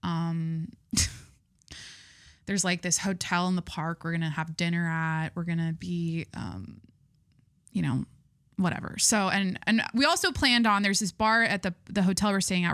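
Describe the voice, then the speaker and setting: A woman's voice: lowish voice, fairly bright tone, dry recording, studio quality. A young adult woman hosting her podcast, chatting in a rambling, candid way with lots of fillers and restarts, gushing and swearing casually. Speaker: podcast host. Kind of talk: casual chat.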